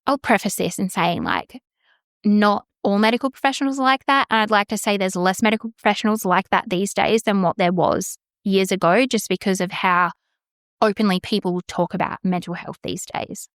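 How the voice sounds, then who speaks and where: A woman's voice: medium pitch, moderate pace, a bit bright, no echo, studio quality. A woman, hosting a podcast and frankly telling a personal story, swearing freely and acting out the exchanges she remembers. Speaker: podcast host.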